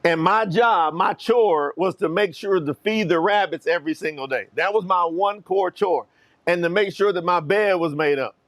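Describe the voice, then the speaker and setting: A middle-aged man from Kentucky, telling a personal story to online viewers as a motivational speaker, animated and talking straight to his audience. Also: high-pitched, moderate pace.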